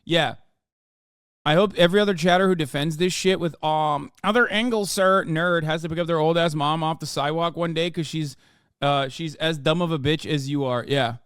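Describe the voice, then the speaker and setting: This livestream host, a man in his thirties, addresses his chat directly as he reacts to a video with angry, profane rants. His voice is on the high side, steady, smooth, and at normal speed, recorded dry with clean studio quality.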